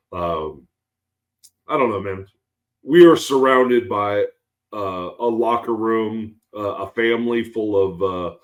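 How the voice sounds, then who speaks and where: A tired man co-hosting a podcast, rambling in casual chat with lots of fillers and some swearing. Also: on the low side. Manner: rambling, many ums and you-knows, swearing. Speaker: podcast co-host.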